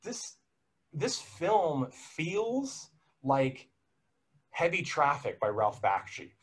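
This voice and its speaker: A man's voice: a little high, very animated, extremely slow, slightly rough. A young man recapping a film in a casual podcast chat, rambling and self-correcting, laughing now and then.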